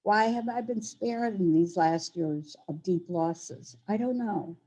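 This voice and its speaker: An older woman, a Holocaust educator, giving measured, earnest testimony over a laptop microphone from a friend's apartment. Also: mid-range voice, warm tone, husky, poor audio. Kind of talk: prepared testimony talk.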